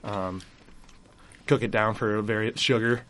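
A man's voice: fairly low pitch, fairly even intonation, a bit bright. Guy chef on the radio explaining his sandwich step by step, ums and all, faint hiss behind. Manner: unhurried, walks through steps with fillers. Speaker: chef guest. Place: radio studio.

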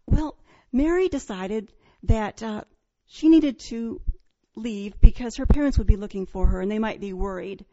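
A woman from Iowa recounts a childhood ghost encounter in an earnest, halting voice, with many restarts and pauses. Her voice sits a little high. The recording sounds dull and lo-fi. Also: warm tone. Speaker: storyteller. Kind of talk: personal ghost story telling.

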